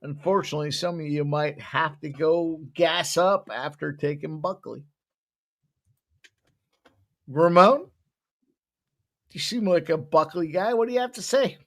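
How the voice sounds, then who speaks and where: A man's voice: on the high side, measured pace, long pauses. A man hosting a live betting stream, joking loosely and swearing as he hypes the bets. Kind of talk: casual live-stream banter.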